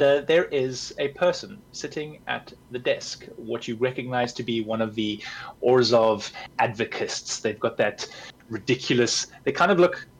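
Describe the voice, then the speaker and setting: A man runs a tabletop game, describing rooms and characters in a loose, chatty way. His voice sits at a middle pitch, with a faint hiss behind it. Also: rough recording. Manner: descriptive, casual, with fillers. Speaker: game master.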